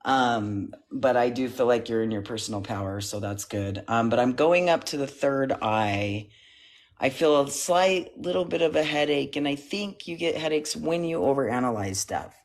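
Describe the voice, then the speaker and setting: A man's voice: medium pitch, normal speed. A man calls in to give a casual energy reading in a mid-range voice. He talks hesitantly, filling gaps with ums and likes, and sounds a little out of breath. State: slightly out of breath. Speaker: caller, self-described psychic.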